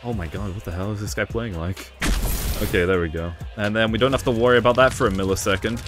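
A young man giving casual gameplay commentary, excitable and sarcastic, joking at his own expense. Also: on the low side, quick pace, over music. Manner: excitable, sarcastic, frequent self-deprecating jokes. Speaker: gaming video creator.

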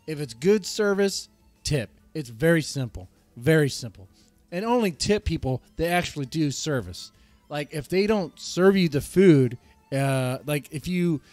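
A man's voice: on the high side, darkish tone, no room sound. A man hosting a casual live stream, reacting to chat with crude, mocking rants. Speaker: streamer host.

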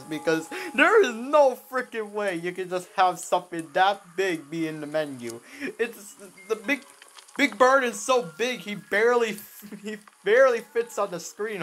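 Excitable young woman gaming. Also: medium pitch, unhurried, a little hiss or hum. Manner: excitable, repeats herself, lots of exclamations and restarts. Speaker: gaming video creator. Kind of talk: excited gameplay commentary.

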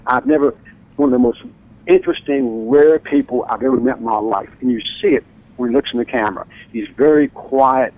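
A man talking as an author and radio guest, telling stories with enthusiasm and acting out quotes with big jumps in pitch. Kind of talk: animated radio interview storytelling. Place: radio studio or phone line. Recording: dry tinny phone-line sound.

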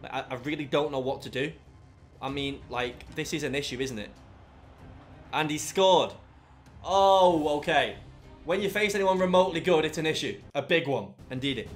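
A young man commentating his own football video game, muttering through play and erupting into shouts at goals. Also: a little high, moderate pace, soft background music. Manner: excitable, bursts into shouts after goals. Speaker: gaming YouTuber.

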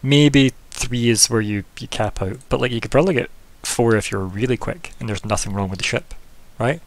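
Man, game master, gravelly, relaxed, chatty recap of a tabletop session. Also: medium pitch, brisk. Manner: relaxed, chatty, laughs often.

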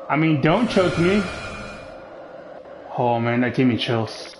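A man's voice: mid-range voice, expressive, slow, pauses often, noisy background. A man commentating as he plays a horror game, joking and teasing the game, with jumpy outbursts. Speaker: gaming channel host.

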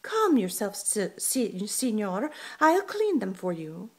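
A woman's voice: medium pitch, big pitch swings, slow, pitched above the performer's own voice, exaggerated voice. A woman voicing a proud young female cockroach in a storybook reading, prim and dry.

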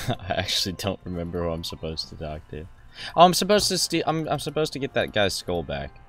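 A young man with a very low, deep voice talks through a video game in a loose, jokey, rambling way. He keeps acting out snippets of dialogue as he goes. Faint music plays softly behind him. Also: big pitch swings, fairly quick. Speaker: gaming video host. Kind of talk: joking gameplay commentary.

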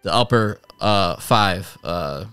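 A man's voice: sits low, expressive, slow, fairly bright tone, clear, resonant tone, no echo. A man casually reviewing an anime episode, retelling scenes in a rambling way with many fillers and restarts. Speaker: anime reviewer, channel host.

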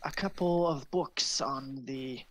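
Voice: medium pitch, slow, fairly bright tone, no echo, poor audio. Willem Redwinter, a game master doing a muttering old wizard. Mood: fussy. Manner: muttering, whispery. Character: distracted elderly male wizard librarian.

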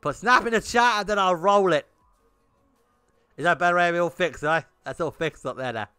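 A man's voice: sits high, normal speed, pushed and bright, smooth, dry recording, clean studio sound, faint music behind. A young man streaming a game, chatting bluntly with his viewers and swearing often. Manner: blunt and swearing, talking to chat in bursts. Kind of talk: casual livestream chat while gaming.

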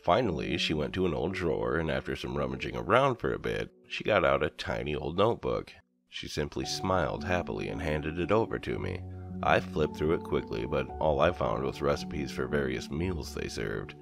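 A man narrating a first-person horror story in a measured storytelling manner. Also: rumbling low, animated, creaky. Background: soft background music.

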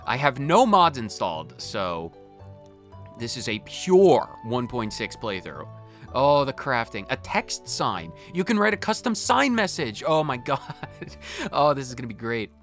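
Excitable man, let's play commentary, pitch leaping all over, faint game music underneath. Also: a little slow. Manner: gushing, excitable, repeatedly exclaiming. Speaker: gaming channel host.

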